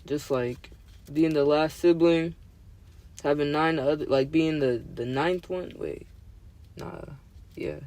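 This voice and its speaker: A man's voice: fairly high pitch, vocal fry, dark tone. A young man in his twenties hosting a podcast, talking in casual chat with slangy, profane language that gets heated. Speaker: podcast host.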